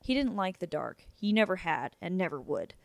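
A young woman hosting a podcast, reading a book chapter aloud in a casual, steady way. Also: fairly low pitch, normal speed, dry recording. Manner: casual, chatty intro then steady reading.

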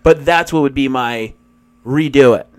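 A man co-hosting a podcast, rambling through casual stories and swearing freely. He talks quickly in bursts and breaks into laughter often. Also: mid-range voice, a little mellow, clean tone. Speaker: podcast co-host. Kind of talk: casual podcast chat and anecdote.

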